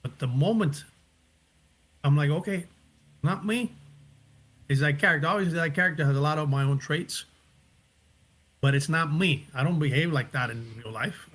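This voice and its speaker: A man being interviewed about his acting work, talking in a reflective, casual way and often pausing to find his words. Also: on the high side, a bit bright, breathy edge. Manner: reflective, searching for words, restarts. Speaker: actor and director, guest.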